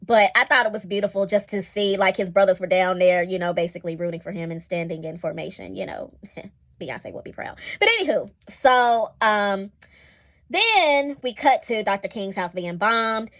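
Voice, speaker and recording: A woman giving a casual spoken review of TV episodes, chatty and expressive, with colloquial asides and frequent digressions. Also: medium pitch, moderate pace. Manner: chatty and expressive, laughing and acting out scenes. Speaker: series reviewer.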